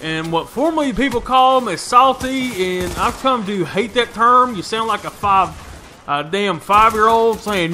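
A man's voice: very high voice, expressive, normal speed, sharp tone, a little hiss or hum. A young man, commentating a shooter game in brash, profane, folksy trash talk. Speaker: gaming YouTuber.

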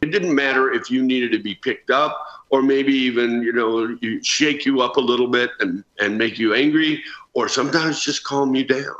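A man's voice: medium pitch, moderate pace. Earnest man on a roomy, dull remote feed. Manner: earnest, animated storytelling. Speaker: former ballplayer guest. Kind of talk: remote news interview.

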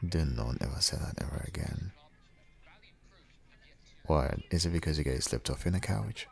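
A man in a whispered role-play as a husband, talking in a soft, comforting and reassuring way. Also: extremely low pitch, animated, unhurried, vocal fry, long pauses.

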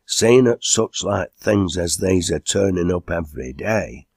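A man voicing a wheezy older pub regular who talks in a plain, steady way. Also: low-pitched, measured pace, husky, no echo, studio quality, exaggerated voice. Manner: plain and steady, short of breath.

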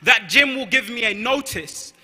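A man with a London accent preaches in an emphatic, repeating style, his voice high and piercingly bright. Long reverb trails off the walls of a large church hall around him. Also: expressive, normal speed. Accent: London English. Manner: emphatic, repeats key phrases, reads scripture aloud. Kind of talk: sermon.

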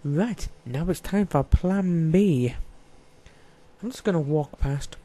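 A man's voice: on the high side, lively intonation, slow pace, dark tone. Joking man narrating a stealth game. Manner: chatty, joking, talks to game characters. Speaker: gaming YouTuber. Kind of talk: casual let's play commentary.

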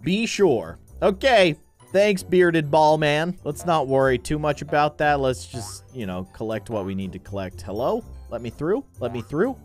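A man's voice: mid-range voice, normal speed, few pauses, soft background music. A man hosting a gaming video, giving playful, joking commentary as he plays. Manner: animated, joking, mock-annoyed.

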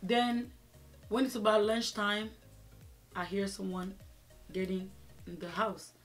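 A woman vlogger telling a personal story in a chatty, animated way, with many fillers. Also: medium pitch, slow pace, faint music behind. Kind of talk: casual storytelling.

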